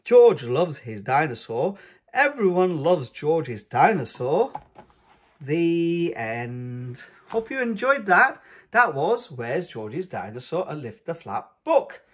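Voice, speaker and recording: A man reads a children's picture book aloud. His voice is a little high and somewhat husky, and he takes the story slowly with a lively, singsong rise and fall. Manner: slow, expressive and lively. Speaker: storybook reader. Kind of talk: children's read-aloud narration.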